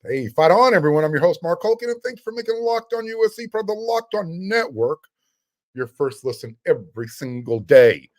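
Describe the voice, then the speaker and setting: A man's voice: a little high, expressive, a little fast, darkish tone. A middle-aged man hosting a sports podcast, talking casually in an emphatic, sarcastic, fired-up way.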